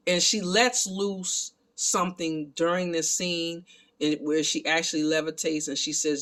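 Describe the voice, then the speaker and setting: Excitable man recapping a film. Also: a little high, moderate pace. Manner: animated, excitable retelling; talks to viewers as family. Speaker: film reviewer.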